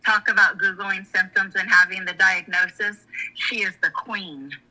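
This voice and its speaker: Bright-voiced woman, frank and rambling. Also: mid-range voice, fairly even intonation, moderate pace, rough recording. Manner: frank and emotional, rambling with restarts. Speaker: guest. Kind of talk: candid personal storytelling in conversation.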